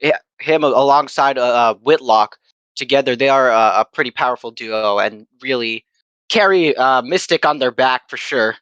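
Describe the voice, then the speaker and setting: An easygoing man calling an esports match live, his voice at an ordinary middle pitch. The sound is dry and close, with no room echo. He stumbles now and then and fills gaps with an "uh" as he talks. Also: moderate pace, fairly bright tone, clean tone, lo-fi sound. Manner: easygoing, with a few stumbles and filler words. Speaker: esports caster.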